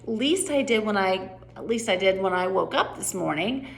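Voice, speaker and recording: Brief: woman reading young Alice, dreamy and polite, storybook pace, slight fry. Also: medium pitch, expressive, moderate pace. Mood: gentle.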